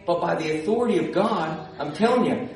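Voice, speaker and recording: A man's voice: high voice, animated, a little fast, darkish tone. A male pastor preaching a sermon, telling stories and building to emphatic repeated calls. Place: church sanctuary. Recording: echoey church hall, distant mic.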